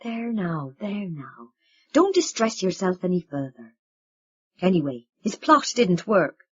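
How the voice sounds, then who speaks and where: A woman's voice: on the low side, big pitch swings, a little slow, slightly rough, muffled recording, full character voice. Woman voicing rambling old Irish father. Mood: soothing. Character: older Irish father, warm, rambling, self-mocking man.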